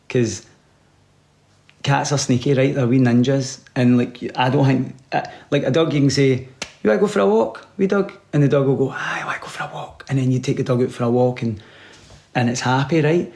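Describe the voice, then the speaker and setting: A man giving rambling, deadpan comic advice, sometimes dropping to a whisper. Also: mid-range voice. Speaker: comedian. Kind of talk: comic monologue.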